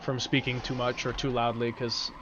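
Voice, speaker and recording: A man's voice: mid-range voice, level tone, moderate pace, fairly bright tone, slight background noise. Male streamer with a sore throat, loose rambling chat, slightly muffled mic. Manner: rambling, casual, swears freely. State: sore throat, speaking carefully. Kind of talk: casual live-stream chat while gaming.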